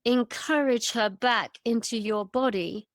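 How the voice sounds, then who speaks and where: A woman on a podcast telling an old myth in a vivid, animated conversational way, often stacking emphatic lists. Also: fairly high pitch, unhurried, no room sound. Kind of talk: casual storytelling conversation.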